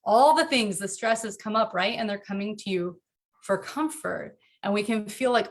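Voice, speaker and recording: A woman talking earnestly about parenting in a casual interview from home, animated and quick to laugh. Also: medium pitch. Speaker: podcast guest, author.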